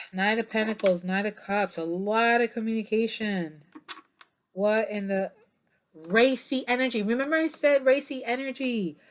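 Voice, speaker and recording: A woman's voice: a little high, unhurried. A tired woman giving a casual tarot reading to camera, chatty and meandering, with many fillers and yawns. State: tired, yawning. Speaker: tarot reader.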